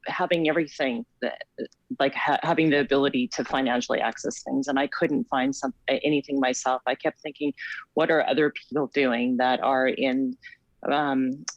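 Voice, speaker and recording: A woman's voice: a bass voice, fairly even intonation, normal speed, no room sound, highs cut off. A woman guest on a video call, talking about community support and often stopping to restart her phrases. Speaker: author and community plan co-chair, guest. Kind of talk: remote interview over video call.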